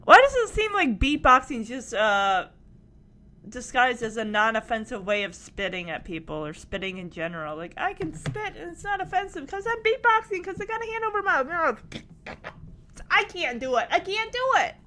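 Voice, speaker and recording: A woman recapping a TV show in a casual vlog, animated and laughing often. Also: sits high, normal speed.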